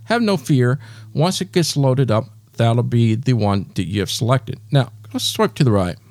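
A man's voice: medium pitch, lively intonation, moderate pace, darkish tone, dry recording. A man hosting a step-by-step tutorial, patiently talking the listener through each gesture. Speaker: tech tutorial host.

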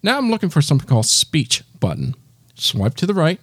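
A man's voice: a little high, wildly swooping pitch, brisk, a bit bright, breathy edge, no room sound, studio quality. A man hosting a step-by-step tutorial, patiently talking the listener through each gesture. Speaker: tech tutorial host.

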